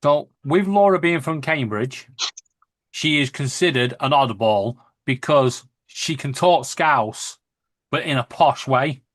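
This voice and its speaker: A man's voice: mid-range voice, takes it slowly, fairly bright tone, no room sound. A man from Lancashire with a northern English accent, chatting casually as host and laughing often. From Lancashire, England. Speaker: podcast host. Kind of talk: casual chat.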